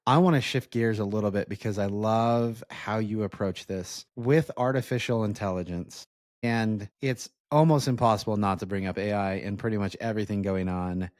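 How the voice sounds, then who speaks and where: A man's voice: on the low side, normal speed, a little mellow, dry recording, clean studio sound. A man hosting a marketing podcast, asking questions in a casual, enthusiastic way and praising answers before he asks. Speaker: podcast host.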